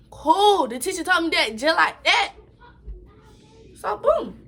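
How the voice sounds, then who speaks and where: A young woman with a New York accent tells a story in a lively, slang-filled way and keeps saying "boom" to move it along. Her voice is bright and sits fairly high. A faint hiss runs under the recording. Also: normal speed. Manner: animated, chatty, slangy retelling with repeated "boom". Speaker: vlogger. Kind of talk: casual storytime.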